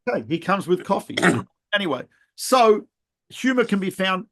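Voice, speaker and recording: A middle-aged man, a rabbi co-hosting a podcast, telling animated anecdotes with laughs and restarts in casual chat. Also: sits high, a little slow, gravelly, pauses often.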